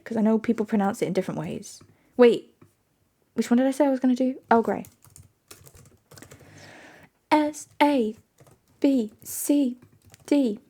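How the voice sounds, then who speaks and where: A young woman, voice sitting a little high, chatting casually with her live-stream viewers. She giggles often and breaks into laughter between sentences. The sound is close and clear, like a desk microphone. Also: animated, normal speed, pauses often, mellow.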